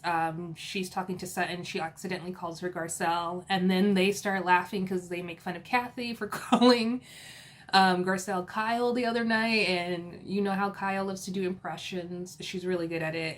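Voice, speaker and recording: A woman's voice: lowish voice, a bit bright. A woman recapping a reality TV episode in a casual, chatty way, with lots of laughs, fillers and playful asides.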